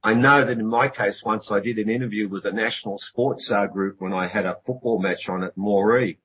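A man's voice: on the low side, steady tone, fairly quick, a bit bright, breathy edge. A middle-aged man, an author speaking as a radio interview guest, earnest and emphatic, repeating words for stress. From Australia. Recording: dull lo-fi radio recording.

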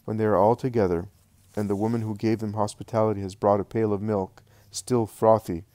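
A man narrates a devotional book in a calm, measured reading. His voice is low and dark. The recording is dry and close. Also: no echo. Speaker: audiobook narrator.

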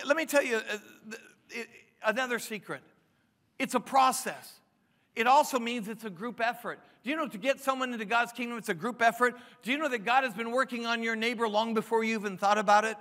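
A pastor in his fifties delivers a sermon with emphatic, stop-and-start preaching, often restarting and firing rising questions at the room. His voice is high for a man and bright, and a long hall reverb trails each phrase.

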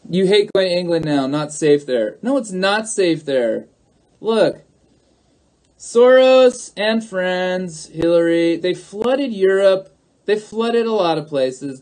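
A man's voice: sits high, a little mellow. A man talking straight to his viewers on a livestream, emphatic and repetitive, calling out to them again and again. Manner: emphatic, repeats himself, keeps calling out to viewers. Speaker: livestream host. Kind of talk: livestream monologue.

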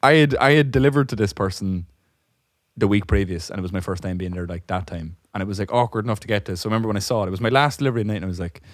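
A man's voice: lowish voice, very fast, dry recording, clean studio sound. A young man co-hosting a podcast, telling a long story in a rambling way, swearing often and laughing as he goes. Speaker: podcast co-host. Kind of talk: casual storytelling chat.

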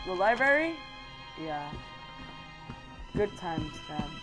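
A woman commenting on a horror game as she plays, excitable and repeating her exclamations. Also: on the low side, takes it slowly, low-quality recording. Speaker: gamer. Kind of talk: let's play commentary. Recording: game music behind. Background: game music.

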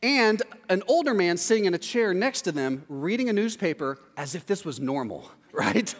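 Pastor, male, high-pitched, sermon storytelling that acts out other voices, large echoing hall. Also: brisk. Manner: animated, acts out voices in quotes. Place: church hall.

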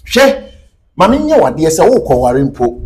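A Ghanaian-accented man gives emphatic, sermon-like answers as an interview guest. His voice sits high and swings widely in pitch. He mixes Twi and English as he talks. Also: big pitch swings, moderate pace, darkish tone, soft background music. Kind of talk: animated interview talk.

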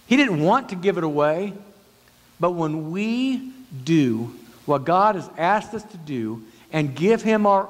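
Male pastor preaching in a reverberant church. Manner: storytelling, acts out quoted dialogue with pitch swings. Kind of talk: sermon. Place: church sanctuary. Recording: long church hall reverb.

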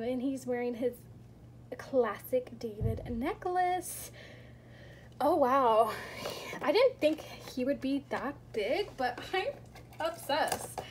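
A woman with a high, light voice talks through a toy unboxing in a slow, unhurried way, gushing and squealing as each piece is revealed. Between the reveals she drops into soft whispers, and a faint hiss sits under her voice. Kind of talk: casual unboxing chat.

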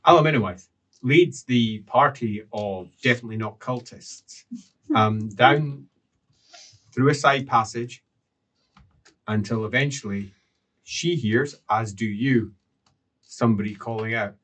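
A man narrating a tabletop game as game master, unhurried with frequent fillers. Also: medium pitch, fairly bright tone.

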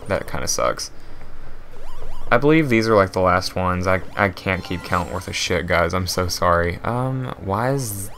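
A man's voice: deep voice, a bit bright. A young man hosting a let's play, joking as he reads game text aloud and riffs on it. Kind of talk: casual gameplay commentary.

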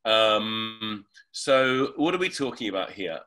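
A man's voice: fairly low pitch, takes it slowly, faint music behind. A man who is a reverend and hypnotherapist, explaining ideas thoughtfully as a guest in an interview over a remote call. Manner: animated, thoughtful explainer with fillers.

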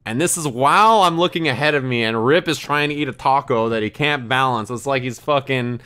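A man's voice: mid-range voice, a little fast, sharp tone, clean tone. A man streaming, telling a rambling, laughing story in casual chat, full of "like" and restarts. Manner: rambling, laughing, heavy use of "like".

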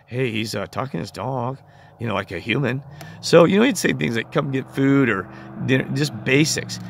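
Gravelly guy rambling on, super insistent, lots of ums, mid-pitched. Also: a bit bright, no echo. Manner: emphatic, insistent, full of fillers and restarts. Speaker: channel host. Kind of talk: rambling monologue vlog.

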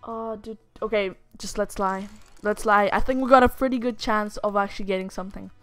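A woman's voice: medium pitch, fairly even intonation, a little fast, dry recording, soft background music. A young woman from Lithuania chatting casually through a matchmaking game, reading the characters' lines aloud in playful voices. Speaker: gaming YouTuber. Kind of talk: casual let's-play commentary.

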